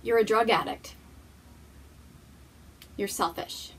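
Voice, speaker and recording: Female crafting host with a husky, breathy tone, warm-hearted pep talk to camera, easygoing and chatty. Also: medium pitch, animated, slow. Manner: earnest and encouraging, chatty, coos to a pet. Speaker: knitting podcast host. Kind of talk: casual chat to camera.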